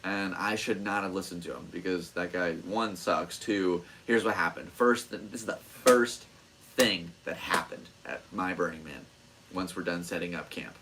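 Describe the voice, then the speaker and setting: Lower-voiced man with a bright, forceful edge. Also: normal speed, a little hiss or hum, rough recording. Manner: animated, swears freely, acts out quoted voices. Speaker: podcast host. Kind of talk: casual storytelling.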